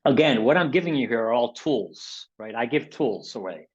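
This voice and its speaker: A man's voice: mid-range voice, lively intonation, moderate pace, husky, dull audio. A man presenting a motivational webinar in a conversational way, often checking in with his listeners and acting out inner voices in a raised tone. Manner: conversational, keeps checking in with "okay?" and "right?".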